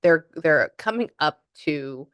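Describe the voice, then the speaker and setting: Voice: medium pitch, lively intonation, slow, a bit bright, smooth, no room sound. A psychic medium, chatting through a spirit reading and relaying messages.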